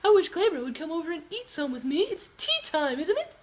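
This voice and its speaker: A man putting on a shrill falsetto as a chirpy woman who throws in exaggerated crikey-and-cheerio slang. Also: sing-song, fairly quick. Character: chirpy woman with mock Aussie slang, cabbage-loving.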